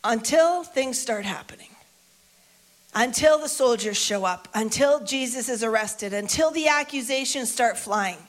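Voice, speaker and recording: A woman preacher with a fairly high voice tells a Bible story in an informal, conversational way. She repeats key lines for emphasis and keeps the tone chatty. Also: lively intonation, unhurried.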